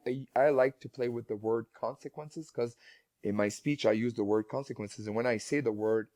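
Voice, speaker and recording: A man's voice: mid-range voice, a little mellow, no echo, studio quality. A man who is a guest speaker and parent, telling stories in a casual interview with many restarts and repeated words.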